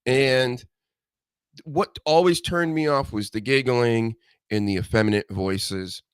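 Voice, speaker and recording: A man's voice: mid-range voice, takes it slowly, clear, resonant tone, no echo, clean studio sound. A man hosting a casual podcast chat, blunt and opinionated, talking loosely. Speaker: host.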